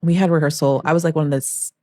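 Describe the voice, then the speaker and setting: A woman's voice: deep voice, rapid-fire, no echo. A young woman, a former backup dancer, telling an emotional story as a podcast guest and acting out the voices of the people in it. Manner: emotional, animated storytelling, acts out quoted voices.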